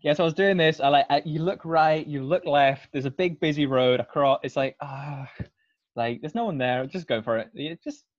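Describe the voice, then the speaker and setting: A man's voice: on the high side, moderate pace, no room sound. A young man tells a rambling story in casual chat, laid-back and peppered with fillers and swearing. His voice sounds dry and a little dull, as if recorded on a lo-fi setup.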